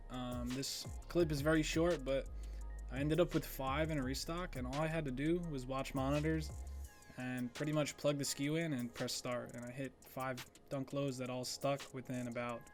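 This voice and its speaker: A young man narrating his own screen recordings in a relaxed, chatty voiceover, often pausing on ums. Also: mid-range voice. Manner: relaxed, conversational, with frequent ums. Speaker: sneaker botting YouTuber.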